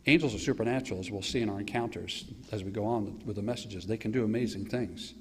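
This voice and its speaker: Lively American pastor in a reverberant church. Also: male voice, lowish voice, fast, a little hiss or hum. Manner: animated storytelling, mocking asides and acted quotes. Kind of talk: sermon. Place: church sanctuary. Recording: live church stream with long hall reverb.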